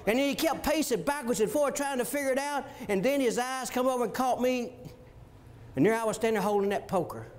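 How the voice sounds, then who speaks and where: A man in ministry telling an animated childhood story, often chuckling. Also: extremely high pitch, a little fast. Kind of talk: storytelling testimony.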